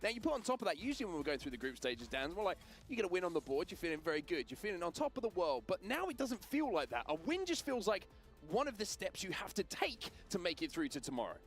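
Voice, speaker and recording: A man casting an esports match with energetic, rising emphasis. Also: high voice, fast, soft background music. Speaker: esports caster. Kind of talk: play-by-play esports commentary.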